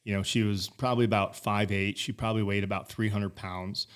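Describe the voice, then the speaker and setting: A man in his forties, guesting on a podcast, talks casually in a brisk voice on the low side with fairly even intonation. He rambles and swears, frequently restarting his sentences.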